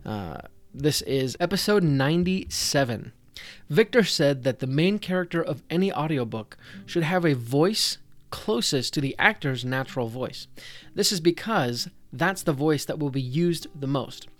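A man's voice: a little high, animated, unhurried, a bit bright. A man hosting a podcast, talking directly to the listener in a conversational, scripted way as he gives advice to dungeon masters. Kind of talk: scripted tips talk.

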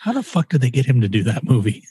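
A man with a husky, slightly rough voice hosts a casual podcast. He jokes and swears freely in loose, rambling chat. The close mic sounds dry, with no room. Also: mid-range voice, very animated, warm tone, no room sound. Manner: joking, swearing, quick to laugh.

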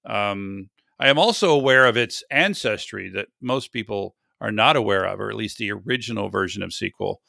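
Podcast host, man, gravelly and bright, rambling conversational delivery. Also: on the low side, dry recording, clean studio sound. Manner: rambling, self-correcting, chatty. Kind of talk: casual tech podcast chat.

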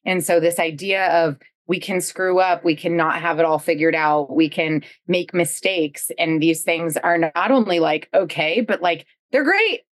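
A woman guest on a podcast, talking about parenting and business in an upbeat, reflective way with quick asides. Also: fairly low pitch, dry recording. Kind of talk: reflective conversational interview.

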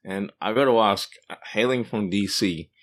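Co-host: man with a lowish voice, friendly and joking, asks questions. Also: moderate pace, a bit bright. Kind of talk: casual interview questions.

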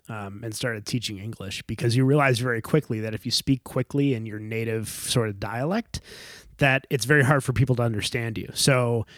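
A man's voice: medium pitch, fairly bright tone, dry recording, clean studio sound. A man from the Chicago area chatting casually as a podcast co-host, rambling with many restarts and trailing off at the ends of phrases. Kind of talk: casual chat.

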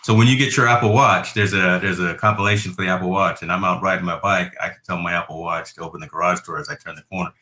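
A man's voice: low-pitched, fairly even intonation, quick pace, few pauses, bright, forceful tone, echoey room. A man hosting a podcast in casual tech chat, talkative and often checking in with his listeners. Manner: chatty, tags lines with "right?". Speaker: podcast host.

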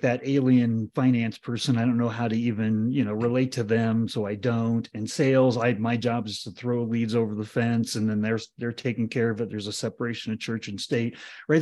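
A man's voice: medium pitch, darkish tone. A man hosting a podcast, framing his questions conversationally and often rephrasing mid-sentence. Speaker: podcast host. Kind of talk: interviewing in a business podcast.

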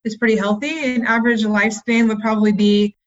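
A woman, a dog breeder on a podcast, giving measured, matter-of-fact explanations. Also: on the high side, level tone. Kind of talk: informative interview answers. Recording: dull lo-fi sound.

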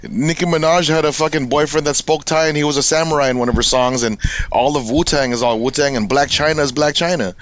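A man's voice: on the high side, fast talker, a bit bright. A man from Los Angeles talking casually as a podcast guest, laid-back and swearing freely, acting out quotes.

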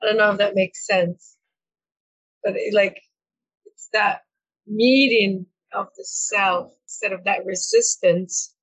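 A woman's voice: mid-range voice, steady tone, takes it slowly, fairly bright tone, breathy edge, low-quality recording. A woman coach speaking as a podcast guest, talking in a reflective, earnest way with frequent fillers and repeated words. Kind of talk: conversational interview.

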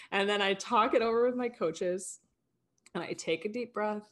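A woman coaching a high school girls' team, talking casually with frequent likes and little laughs. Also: a little slow. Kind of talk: casual conversation.

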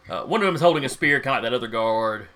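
A man's voice: mid-range voice, expressive, racing, sharp tone. A man running a tabletop game as game master, describing the scene in a casual, folksy way.

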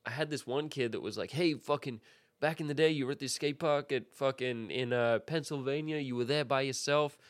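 A man talking fast and loose in a relaxed podcast chat, heavy on profanity. He acts out both sides of his stories as he goes. The sound is close and dry. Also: medium pitch, no echo. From Australia. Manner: fast, profane, animated storytelling. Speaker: podcast guest, skateboarder. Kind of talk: casual chat.

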